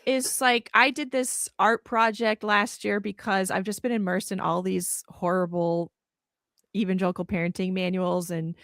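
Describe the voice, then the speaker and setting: A woman's voice: mid-range voice, little pitch movement, moderate pace, fairly bright tone, dry recording, clean studio sound. A woman guest on a podcast, talking in an impassioned, emphatic and indignant way. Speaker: guest author. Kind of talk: podcast conversation.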